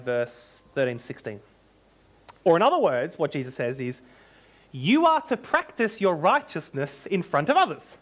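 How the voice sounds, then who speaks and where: Guy preaching, kinda high voice, super lively ups and downs, punchy, cracks little jokes. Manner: animated, emphatic, with joking asides. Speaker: pastor. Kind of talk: sermon.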